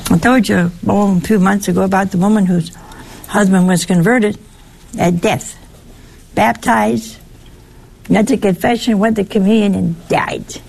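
Slow, gravelly woman preaching. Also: medium pitch, fairly even intonation, a little mellow. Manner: folksy, asks the listeners rhetorical questions. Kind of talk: conversational sermon.

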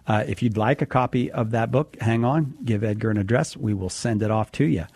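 A man's voice: fairly low pitch, fairly quick, darkish tone, breathy edge, no echo. A man hosting a call-in radio show, genially introducing callers from around the country.

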